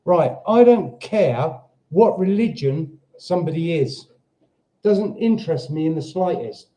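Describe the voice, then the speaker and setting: A man's voice: a little high, animated, unhurried, dark tone. A British man hosting a casual livestream from his home, rambling as he reads out viewer comments and stops to talk to his dog. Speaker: livestream host. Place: home in Portugal.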